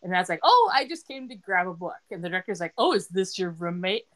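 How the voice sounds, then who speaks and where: Her voice is lowish and a bit bright, with lively intonation and a quick pace. A middle-aged woman hosting a podcast, she chats casually through a TV episode recap, retelling scenes and quoting characters.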